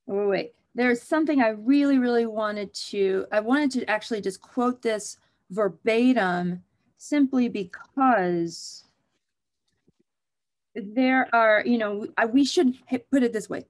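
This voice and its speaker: A woman OB/GYN, a guest on an interview show, talking frankly and with humor about her field. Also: medium pitch. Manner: frank, animated and joking. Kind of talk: conversational interview.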